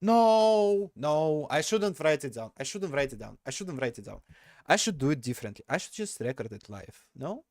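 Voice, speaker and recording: A man's voice: fairly high pitch, sing-song, normal speed, darkish tone, dry recording, clean studio sound. A man telling a story casually on a live stream, rambling and correcting himself as he goes, often laughing at himself.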